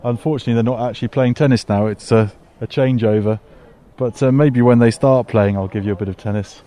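A man who works as a sports commentator, chatting outdoors at a tennis venue with a dry, measured humor. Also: medium pitch, steady tone, warm tone. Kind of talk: casual chat interview.

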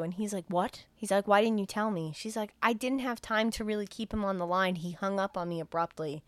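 A woman's voice: medium pitch, brisk, hardly any pauses, no echo. Chatty woman recapping a movie. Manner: chatty, profane storytelling with quoted dialogue. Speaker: podcast host.

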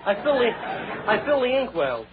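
Jokey high-voiced guy laughing at his own gags, tinny old radio, loud crowd n hiss. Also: big pitch swings, a little slow. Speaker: comedian host. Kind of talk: 1930s radio comedy.

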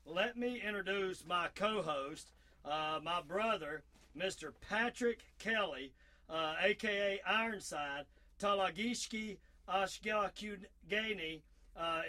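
Southern male talk-radio host, high bright voice, folksy, loose, filler-heavy. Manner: folksy, rambling, with many fillers and restarts. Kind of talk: casual radio talk show.

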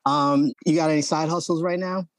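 A man hosting a casual interview, chatty and quick to react. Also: fairly high pitch, fairly even intonation, dry recording.

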